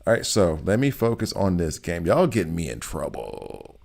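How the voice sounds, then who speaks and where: A man's voice: low voice, huge pitch swings, normal speed, gravelly, a little mellow, a little hiss or hum. A man streaming a video game, chatting casually and joking as he plays, rambling and often laughing. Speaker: gaming streamer. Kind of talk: casual gameplay commentary.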